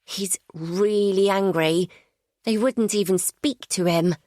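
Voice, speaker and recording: A woman voicing an eager, anxious young boy in an audiobook, asking urgent questions and rushing his words. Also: medium pitch, darkish tone, no echo, studio quality, pitched above the performer's own voice, natural voice.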